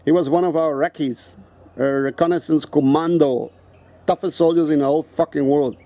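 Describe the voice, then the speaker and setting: A man's voice: a little high, fairly even intonation, moderate pace, warm tone, dry recording. A man with a South African accent, ranting angrily and profanely into the camera, repeating himself and confronting the person he is addressing. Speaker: video host. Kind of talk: angry rant to camera.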